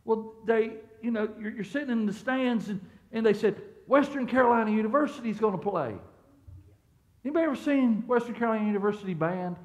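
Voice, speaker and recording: High-voiced pastor preaching. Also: male voice, fast talker, few pauses, darkish tone. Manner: conversational, repeats words and restarts, asks the congregation questions. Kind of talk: sermon. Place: church sanctuary.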